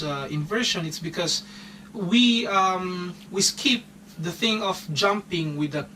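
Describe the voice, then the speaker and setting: Man teaching keyboard over loud piano. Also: fairly high pitch. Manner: explains step by step, often checks with "okay?". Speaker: music teacher. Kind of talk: keyboard lesson. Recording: distant mic with loud piano.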